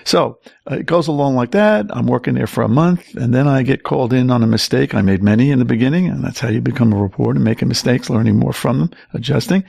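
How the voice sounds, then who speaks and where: An older man, the guest in a casual interview, telling stories in an animated way and acting out quotes. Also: mid-range voice, fast talker, gravelly, few pauses, breathy edge, dry recording, studio quality. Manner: animated storyteller who acts out quotes.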